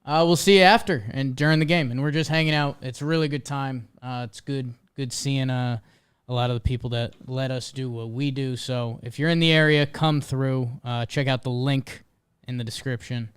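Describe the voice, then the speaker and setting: A man co-hosting a casual baseball chat show, relaxed and easygoing, dropping in sponsor plugs. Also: mid-range voice, normal speed, clear, resonant tone. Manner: laid-back, reads sponsor plugs casually. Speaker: podcast co-host.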